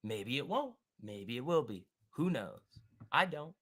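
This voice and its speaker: A man hosting a live stock trading stream, thinking aloud and answering chat in an excitable, quick way. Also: mid-range voice. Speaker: stock trading livestream host. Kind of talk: live market commentary reading chat.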